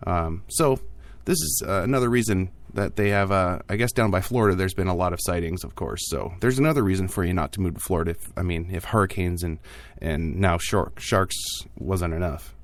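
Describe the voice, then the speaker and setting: Casual podcast host, male, deep voice, jokey offhand delivery. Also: brisk, hardly any pauses, no echo. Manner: jokey, offhand asides with frequent fillers. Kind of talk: casual tech news podcast.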